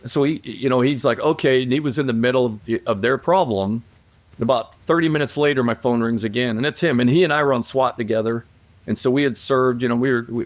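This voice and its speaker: A police aviation guest with a mid-range voice tells stories in a casual interview, rambling, repeating and restarting, and acting out quoted calls. There's no echo on the recording.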